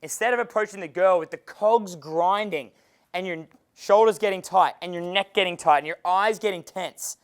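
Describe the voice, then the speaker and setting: A man with an Australian accent leads a live dating-coach seminar in a room with an audience, his high voice clear and resonant at a moderate pace. He's animated, swears freely, and acts out dialogues.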